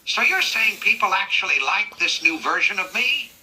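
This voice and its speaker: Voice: medium pitch, sing-song, moderate pace, sharp tone, low-quality recording. A synthetic voice playing a proud middle-aged male cartoon detective who complains in a huffy, exasperated way. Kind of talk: AI character chat role-play.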